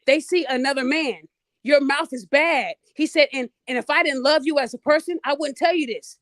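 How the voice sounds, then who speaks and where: A middle-aged woman with a high voice, hosting a podcast and telling a story bluntly and with lots of energy. She speaks straight to her listeners, and the sound is dry and close. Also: moderate pace, a bit bright, no echo. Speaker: podcast host. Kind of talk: casual storytelling monologue.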